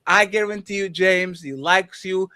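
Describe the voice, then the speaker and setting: A man with a fairly high voice co-hosts a relaxed discussion. He argues animatedly and keeps tossing out rhetorical questions as he makes his case. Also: measured pace. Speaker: podcast co-host. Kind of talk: casual discussion.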